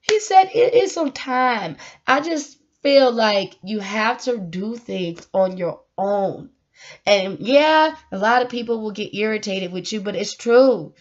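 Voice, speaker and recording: Earnest woman vlogging, dull lo-fi sound. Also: on the high side. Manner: animated, earnest, preachy, laughs often. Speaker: vlogger giving life advice. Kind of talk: casual emotional monologue.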